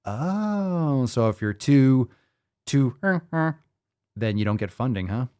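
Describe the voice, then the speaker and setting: An American man hosting a casual commentary show, reading news stories and riffing on them with profane, animated remarks. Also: mid-range voice, takes it slowly, smooth. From United States. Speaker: host.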